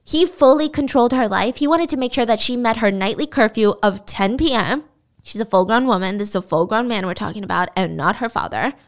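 A young adult woman narrating a true crime story in a casual, chatty way. Her voice sits a little higher than average, and she drops blunt, sarcastic asides. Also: brisk.

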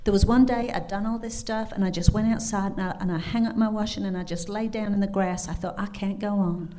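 A woman's voice: mid-range voice, steady tone, a little fast, mellow, natural voice. A woman voicing a tough, unflappable 72-year-old woman with a put-on Kentucky accent, blunt and matter-of-fact. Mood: weary.

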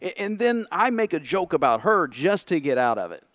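A man's voice: on the high side, sing-song, moderate pace, fairly bright tone, dry recording. A man, a podcast guest, telling his side of a story candidly and acting out his own thoughts in quotes.

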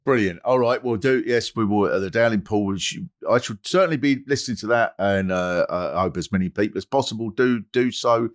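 A man hosting a comedy podcast, telling stories in an animated way and bursting into mimicry. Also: fairly low pitch, brisk, hardly any pauses. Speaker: podcast host. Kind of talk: comic storytelling chat.

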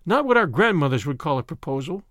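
A blunt young man, bossy and a touch sarcastic, fairly high and lively in pitch, as a male reader plays him. The audiobook is recorded in a close, dry space. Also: fast, no echo. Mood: fond.

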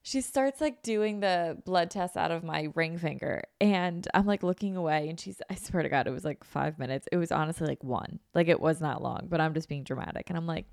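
Chatty young woman with a gravelly low voice. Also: fairly quick, few pauses, darkish tone, dry recording, clean studio sound. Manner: chatty, self-dramatizing storytelling with many "like"s. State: recovering from illness. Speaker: podcast host. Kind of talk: casual chat.

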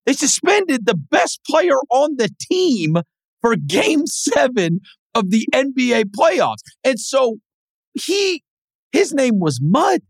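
A man co-hosting a sports podcast, telling stories in a casual, animated way and dropping into high mimicking voices. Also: slow, creaky, no echo, clean studio sound. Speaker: podcast co-host.

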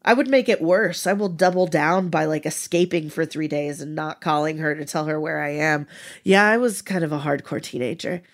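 A woman's voice: low voice, normal speed. Woman podcast co-host, candid and foul-mouthed, laughs a lot, casual chat. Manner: candid, swears freely, laughs often.

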